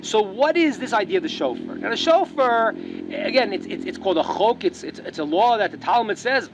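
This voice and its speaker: A rabbi teaching a religious lesson, telling a parable as an animated storyteller who repeats words as he restarts. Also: high voice, fairly quick, creaky, lo-fi sound, noisy background.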